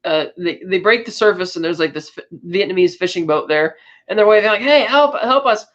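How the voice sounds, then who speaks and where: A woman's voice: fairly low pitch, brisk, highs cut off. A woman co-hosting a podcast, casually recapping a film's plot with lots of fillers and restarts. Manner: chatty, with frequent fillers and restarts. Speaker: podcast co-host.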